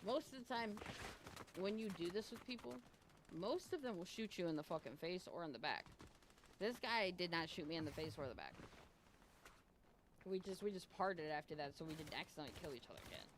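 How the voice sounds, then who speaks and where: A woman's voice: on the low side, lively intonation, a little fast, noisy background. A woman streamer casually telling a story to her viewers, rambling with lots of "like" and plenty of swearing, acting out both sides of conversations. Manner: rambling, full of "like" and frequent swearing; retells chats by voicing both sides. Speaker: game streamer.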